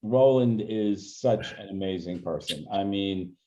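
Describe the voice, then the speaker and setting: Older guy, low mellow voice, reflective stories, dull lo-fi sound. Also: unhurried. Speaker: guest, senior consultant. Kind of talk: casual interview answers.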